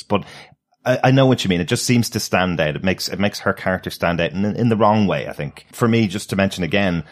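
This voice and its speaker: Low-voiced man co-hosting a podcast. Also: expressive, brisk. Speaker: podcast co-host. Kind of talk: casual review chat.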